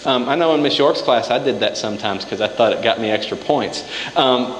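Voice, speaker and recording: A man's voice: mid-range voice, brisk, a little hiss or hum. A man preaching a sermon in a church hall. He talks casually and acts out the scripture quotes himself. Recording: echoey hall, faint ambience.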